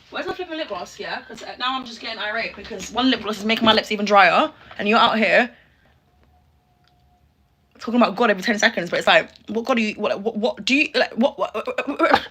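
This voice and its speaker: A woman's voice: a little high, quick pace, sharp tone, breathy edge. A young woman doing casual reaction commentary, sassy and exclaiming, talking straight to her viewers. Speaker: YouTuber reacting to a video.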